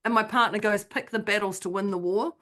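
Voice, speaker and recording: Woman telling a lively story. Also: mid-range voice, fairly quick. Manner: animated storyteller, acts out her own quotes. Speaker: podcast co-host. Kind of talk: casual chat, storytelling.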